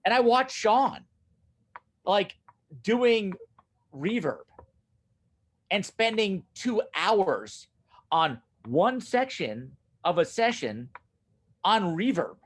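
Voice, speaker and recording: A man talking casually as a guest about running his recording studio, animated and laughing often, repeating himself as he goes. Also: high-pitched, very slow, pauses often. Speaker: guest, studio owner and drummer. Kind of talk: casual conversation.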